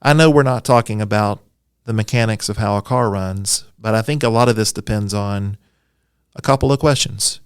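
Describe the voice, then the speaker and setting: A man's voice: on the low side, moderate pace, clean tone, dry recording, clean studio sound. A man, a Bible scholar guest, explaining at length in a friendly, enthusiastic podcast interview, with a self-deprecating touch.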